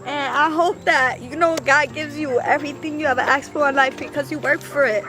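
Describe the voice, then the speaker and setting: A woman's voice: high voice, fairly even intonation, a little fast, recorded from a distance, over music. A young woman speaking in a heartfelt, emotional way about how proud she is of her husband. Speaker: vlogger, wife. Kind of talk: casual chat.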